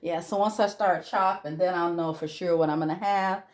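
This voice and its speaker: A woman's voice: fairly low pitch, fairly even intonation, moderate pace. A middle-aged woman talks casually in her home kitchen as she cooks. She rambles, restarts her sentences and fills the gaps with ums. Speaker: cooking vlogger. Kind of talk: casual kitchen vlog chat.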